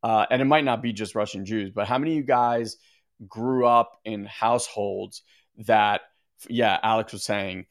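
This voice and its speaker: A man's voice: on the low side, normal speed. A man speaking casually on a live stream as a meditation teacher, rambling and reading out viewer comments. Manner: rambling and conversational, often restarting sentences. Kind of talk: casual livestream talk to viewers.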